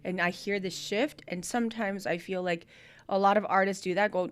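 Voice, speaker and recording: A woman's voice: medium pitch, steady tone, moderate pace, smooth. A woman hosting a live-stream music review, coaching an artist with technical notes on vocals and production. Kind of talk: live-stream feedback on submitted songs.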